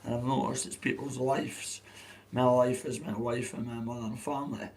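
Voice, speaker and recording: A hoarse adult man with a Dundee Scottish accent, chatting on a livestream in a rambling, sweary way. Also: medium pitch, flat delivery, moderate pace, darkish tone, a little hiss or hum, poor audio. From Dundee, Scotland. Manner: swears freely, restarts often. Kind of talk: rambling casual livestream chat.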